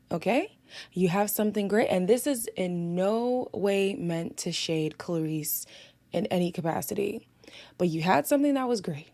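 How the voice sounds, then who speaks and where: A woman hosting a reality TV review channel, hoarse and raspy as her voice comes back, chatting casually and giving blunt opinions. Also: medium pitch, a little mellow. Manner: chatty, opinionated, laughs often. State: hoarse, voice recovering. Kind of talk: casual recap commentary.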